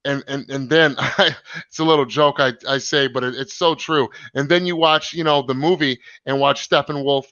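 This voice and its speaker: A man's voice: medium pitch, fairly even intonation, moderate pace, fairly bright tone, no room sound, muffled recording. A man hosting a casual live stream, reading comments and rambling with many fillers and restarts.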